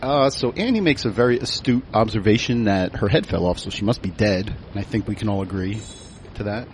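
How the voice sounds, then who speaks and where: A man's voice: on the low side, lively intonation, a little fast, slight background noise. A man co-hosting a podcast, recapping scenes in a dry, wry way during casual banter. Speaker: podcast co-host. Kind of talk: casual banter among friends.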